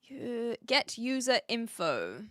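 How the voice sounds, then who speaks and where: A woman's voice: a little high, very animated, slow pace, pushed and bright, no echo, clean studio sound. Chatty New Zealand woman streamer. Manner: chatty, thinking aloud while setting up a chat bot. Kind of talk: casual live-stream chat. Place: home room with brick walls.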